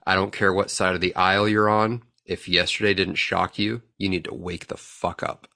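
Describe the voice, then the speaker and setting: Blunt bright-voiced man. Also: low voice, level tone, normal speed, creaky. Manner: blunt, emphatic, swearing. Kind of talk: casual political chat.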